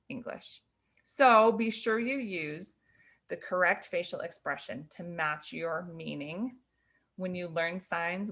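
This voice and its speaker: A middle-aged woman teaching sign language, explaining gently and laughing softly between points. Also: fairly low pitch. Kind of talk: explaining to learners on camera.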